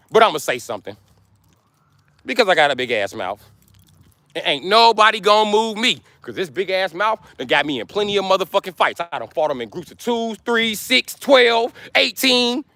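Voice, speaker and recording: Man from the US, forties, livestream rant, swearing nonstop, lively swooping pitch, dry close sound. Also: no echo. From United States. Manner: loud, blunt, cursing, ranting nonstop. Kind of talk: profane rant to a live stream.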